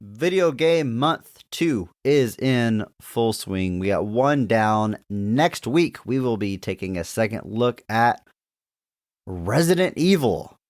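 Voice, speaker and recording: A man's voice: mid-range voice, slow pace, no room sound, clean studio sound. A man hosting a podcast, giving upbeat announcements and chatting casually. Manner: lively, upbeat show announcements. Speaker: podcast host. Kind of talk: casual chat.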